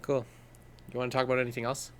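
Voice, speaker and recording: This podcast co-host talks fast in a mid-range voice over slight background noise. He swears freely and tells stories with animation and laughter in a casual conversation.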